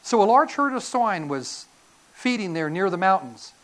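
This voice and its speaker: A woman preacher delivers a sermon with animated, dramatic storytelling. Her voice sits at a middle pitch. She swings between emphatic and hushed delivery as she acts out the voices. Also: normal speed.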